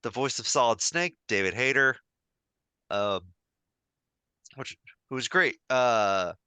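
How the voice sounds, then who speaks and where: A man's voice: medium pitch, lively intonation, takes it slowly, sharp tone, smooth, no room sound. A man co-hosting a podcast, chatting casually and telling stories with enthusiasm, full of fillers and restarts. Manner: enthusiastic, rambling storyteller with many fillers. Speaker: podcast co-host.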